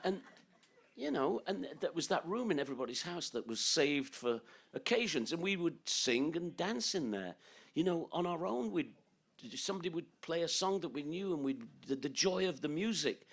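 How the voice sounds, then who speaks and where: This older man from England has a fairly high, gravelly voice. A guest musician in a storytelling interview, he tells rambling, joking tales, laughing a lot and breaking into song and other people's voices.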